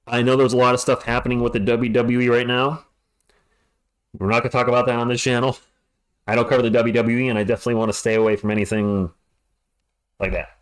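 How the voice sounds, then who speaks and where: A man's voice: medium pitch, flat delivery, fast, long pauses, clean tone. A middle-aged man doing live play-by-play commentary for a stream, chatty and jokey between calls.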